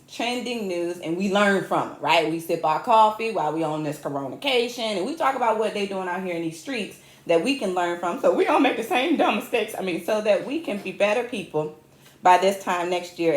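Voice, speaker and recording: Animated woman comic, roomy echo. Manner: animated, chatty, self-mocking with sudden high squeals. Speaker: comedian host. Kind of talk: comic storytelling monologue.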